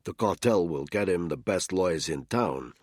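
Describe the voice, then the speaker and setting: A man voicing a cool, aloof male intelligence handler in an audiobook, measured and curt with a lecturing tone and a husky voice. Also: low-pitched, lively intonation, darkish tone, no room sound, studio quality.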